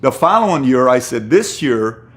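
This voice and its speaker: A middle-aged man tells a personal story in a motivational talk. His voice sits at an everyday middle pitch, dropping to a hush and then snapping into sharp, emphatic bursts. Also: very animated, normal speed. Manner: emphatic, shifts from hushed to punchy bursts. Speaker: motivational speaker.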